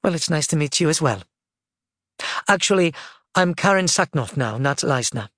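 A man voicing a gentle older grandmother. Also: a little high, lively intonation, moderate pace, no room sound, clean studio sound.

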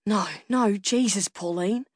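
A woman voicing an excitable grown man who runs a surf contest, speaking in an urgent, emphatic and blunt way in an audiobook. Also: mid-range voice, slow, dry recording, clean studio sound. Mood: insistent. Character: excitable adult male surf contest director.

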